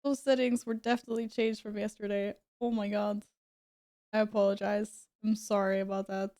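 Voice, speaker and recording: A woman streamer chatting casually with her viewers, chatty and quick to apologize and giggle. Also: mid-range voice, level tone, warm tone. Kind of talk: casual live-stream chat.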